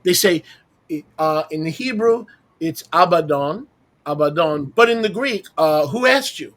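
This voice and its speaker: A man's voice: fairly high pitch, expressive, unhurried, a bit bright. A man leading a roundtable Bible teaching, speaking emphatically with rhetorical questions and mocking asides while sharing his screen.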